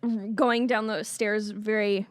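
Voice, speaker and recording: A woman's voice: mid-range voice, fairly even intonation, measured pace, clear, resonant tone, no room sound, studio quality. A young woman co-hosting a podcast in casual chat, laughing often, swearing, and acting out her angry outbursts. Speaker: podcast co-host.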